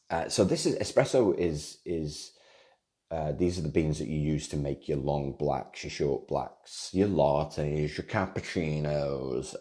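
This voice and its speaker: Very deep-voiced, mellow rambling man. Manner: rambling, restarts and repeats words, self-deprecating humor. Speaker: podcast host. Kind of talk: casual solo podcast monologue.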